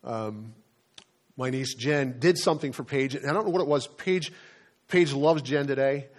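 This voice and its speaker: A middle-aged man preaches a sermon from the pulpit, speaking at a middle pitch. He delivers it conversationally, like he's telling a story to friends, and often repeats a word or two before pressing on. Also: normal speed. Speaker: pastor.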